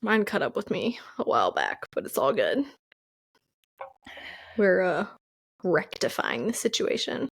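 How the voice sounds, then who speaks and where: A woman's voice: fairly low pitch, wildly swooping pitch, measured pace, vocal fry, pauses often, slightly rough, no room sound, studio quality. A woman co-hosting a podcast in casual chat, laid-back and teasing, laughing easily. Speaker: podcast co-host.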